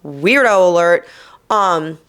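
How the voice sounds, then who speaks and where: A woman's voice: on the low side, slow pace, clear, resonant tone. Sassy young woman telling a story. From New Jersey. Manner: animated, swearing, mock-quoting others with sass. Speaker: podcast host. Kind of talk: casual storytelling.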